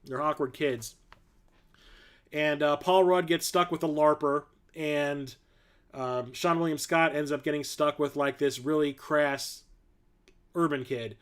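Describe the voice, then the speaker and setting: Male host, 40s, slightly high voice, chatty and rambling with lots of fillers, for a casual stream. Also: normal speed. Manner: rambling, filler-heavy, enthusiastic. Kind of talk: casual livestream chat.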